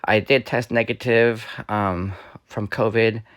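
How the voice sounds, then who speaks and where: Man with a slightly raspy voice, low-pitched. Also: fairly even intonation, takes it slowly, fairly bright tone, no room sound, studio quality. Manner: rambling, with fillers and restarts. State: slightly raspy, recovering from illness. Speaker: YouTuber. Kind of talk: casual voice-over for a store walkthrough.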